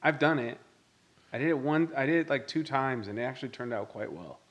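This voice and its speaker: A man's voice: medium pitch, a little fast, highs cut off. Man telling stories with casual swearing. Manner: animated anecdote teller, swears casually. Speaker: guest, former boss. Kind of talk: casual storytelling.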